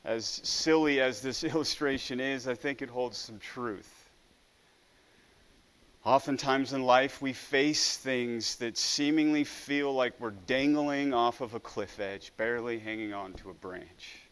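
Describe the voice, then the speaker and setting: A man's voice: medium pitch, measured pace, fairly bright tone, clear, resonant tone. A man preaching a sermon in an earnest way, often stumbling over the first word of a phrase. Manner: earnest, with frequent stammered restarts.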